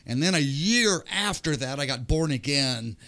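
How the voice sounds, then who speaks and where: Older man telling a lively life story. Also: fairly high pitch, moderate pace. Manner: animated, acts out the voices of people in his story. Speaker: podcast guest. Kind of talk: personal testimony storytelling.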